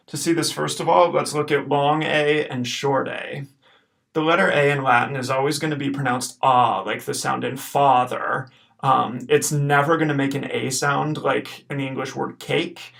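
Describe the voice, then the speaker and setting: A man with a mid-pitched voice full of gravelly fry narrates a recorded lesson over slides. He explains patiently, step by step, and checks in with a quick okay. He talks close to a desk mic. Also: fairly bright tone. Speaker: Latin teacher.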